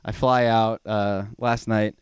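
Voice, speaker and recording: A man's voice: lowish voice, flat delivery, takes it slowly, clean tone, no room sound. A young man from Georgia doing a rambling, profane stand-up set in a small venue. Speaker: stand-up comedian.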